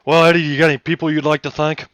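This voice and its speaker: Hoarse folksy race interviewer man. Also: on the high side, very fast, no room sound. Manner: folksy, excitable, many fillers. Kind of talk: casual post-race interview over voice chat.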